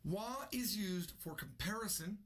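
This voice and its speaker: A man's voice: high voice, expressive, measured pace, fairly bright tone. A man teaching a casual online lesson with energy, repeating example sentences aloud. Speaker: language teacher.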